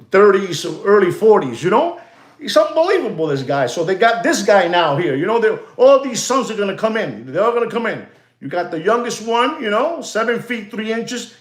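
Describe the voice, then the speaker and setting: Excitable rambling man, roomy echo. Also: high voice. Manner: excitable, repetitive, addresses "ladies and gentlemen". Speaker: host of a watch market show. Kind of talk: rambling market commentary monologue.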